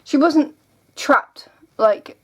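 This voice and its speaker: A woman's voice: sits high, drawn-out words, darkish tone. A young woman vlogging at home, telling stories in a rambling, giggly way. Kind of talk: casual vlog chat.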